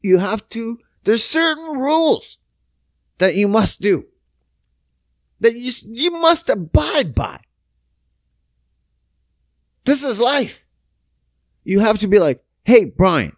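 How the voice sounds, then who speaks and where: Animated, swearing man ranting on a podcast. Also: extremely high pitch, takes it slowly, long pauses, no room sound, clean studio sound. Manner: animated, profane storytelling with acted-out quotes. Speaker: podcast host. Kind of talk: casual solo podcast rant.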